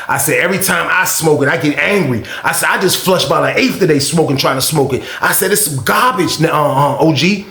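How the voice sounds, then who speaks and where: Animated profane man telling a story. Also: on the high side, brisk, roomy sound. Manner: animated, profane, street slang, rising to agitated outbursts. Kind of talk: casual storytime monologue.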